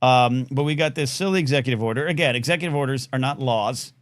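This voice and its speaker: A man hosting a live call-in talk show in a casual chat, animated, often jumping up into playful high tones with many restarts. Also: fast talker, no echo, clean studio sound.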